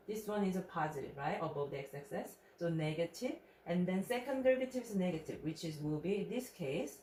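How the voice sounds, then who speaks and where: A woman's voice: mid-range voice, mellow. A woman math instructor walking through a recorded lecture step by step, checking in with rhetorical questions. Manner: step-by-step explaining, frequent "right?" check-ins. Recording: echoey room with faint noise.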